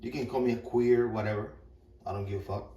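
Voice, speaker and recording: A man's voice: fairly low pitch, steady tone, a little fast, mellow, muffled recording. Rambling, cursing middle-aged man, echoey kitchen. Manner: rambling, profane, repeats himself. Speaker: vlogger. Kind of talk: casual storytelling while cooking. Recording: echoey room, mic far off.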